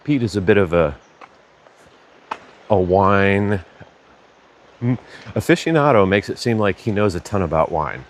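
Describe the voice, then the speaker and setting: Male vlogger, lowish voice, loose and chatty storyteller who self-corrects, with faint ambient noise behind. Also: expressive, unhurried, pauses often. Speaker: vlogger walking a pilgrimage route. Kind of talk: casual storytelling to camera.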